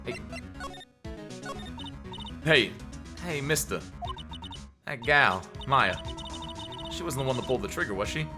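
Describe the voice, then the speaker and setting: A man's voice: medium pitch, animated, unhurried, long pauses, over music, close to an everyday voice. A man voicing a brash young woman photographer in a put-on American Southern accent while reading game dialogue aloud, folksy and blunt.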